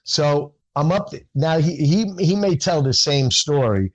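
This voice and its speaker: A man, a stand-up comedian, telling an animated story in casual conversation and acting out the dialogue. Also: a little high, unhurried, lo-fi sound.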